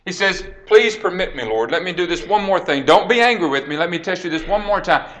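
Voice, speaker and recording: Bright-voiced man preaching a Bible story. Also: high voice, lively intonation, brisk, a little hiss or hum. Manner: dramatic storytelling, acts out quoted lines, drops to a hush then rises. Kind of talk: sermon retelling a Bible story.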